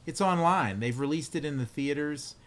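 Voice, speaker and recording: A man in his forties co-hosts a casual movie review chat. He talks in an easygoing, conversational way and often drops in quick side comments. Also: fairly high pitch. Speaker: podcast co-host, musician.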